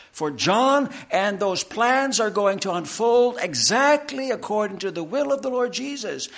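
Male pastor, higher voice, very animated intonation; emphatic sermon delivery. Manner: emphatic, slow deliberate preaching with dramatic pauses.

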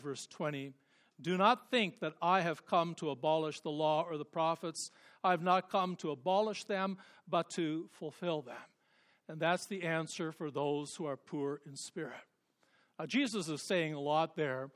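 A man preaching a sermon with passion, swinging from hushed, quiet passages up to loud, emphatic peaks. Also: on the high side. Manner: impassioned, rising to emphatic peaks then dropping to hushed tones.

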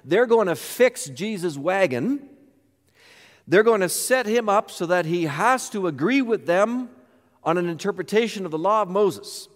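High-voiced man preaching in a reverberant hall. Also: animated, unhurried. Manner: emphatic, rhetorical questions. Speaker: pastor. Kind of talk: sermon.

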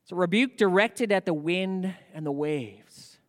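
A male pastor preaching a sermon in a church, animated and asking rhetorical questions. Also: sits high, slow, in a large hall.

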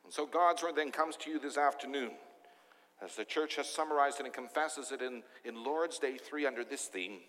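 A man's voice: mid-range voice, moderate pace, fairly bright tone, long reverb tail. A man preaching a sermon as pastor, emphatic and full of rhetorical questions.

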